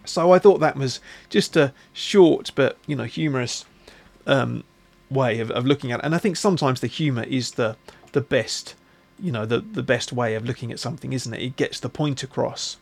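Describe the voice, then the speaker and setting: A man hosting a podcast, talking in a musing, halting way with many restarts. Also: mid-range voice, vocal fry. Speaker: podcast host. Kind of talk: casual reflective monologue.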